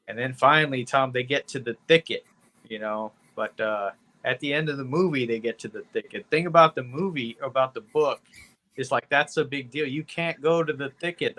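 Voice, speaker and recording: A man with a bright, forceful voice talks through a movie review as a podcast co-host. His delivery is loose and meandering, peppered with "you know" and easy profanity. He keeps an unhurried, casual tone. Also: medium pitch. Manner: rambling, laid-back, profane, heavy with "you know".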